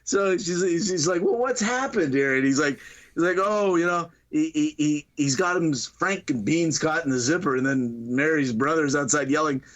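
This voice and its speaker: A man's voice: on the high side, moderate pace, a bit bright. A man casually retelling a funny movie scene on a podcast, laughing often and acting out the characters' lines. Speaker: podcast co-host.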